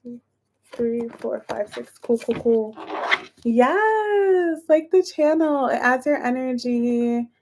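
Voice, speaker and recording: Slow-talking chatty woman tarot reader. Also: a little high, lively intonation, darkish tone. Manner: counts aloud while shuffling, chats with viewers. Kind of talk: casual livestream chat.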